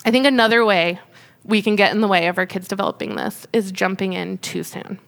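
A woman's voice: medium pitch, fairly quick, gravelly, fairly bright tone. A woman in her thirties, a mother speaking to an audience about parenting, candid and conversational with many fillers. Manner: emotional, fighting back tears. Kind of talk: personal talk to an audience.

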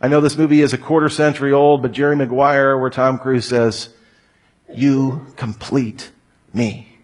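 In a mid-range voice with flat delivery and a slightly fast pace, a man gives a humorous talk to an audience. He keeps tossing out rhetorical questions, joking asides, and mock voices.

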